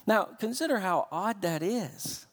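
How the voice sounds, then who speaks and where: A man's voice: high-pitched, animated, measured pace. A man preaching a sermon, emphatic, driving his points home with lists and repetition. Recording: long hall reverb.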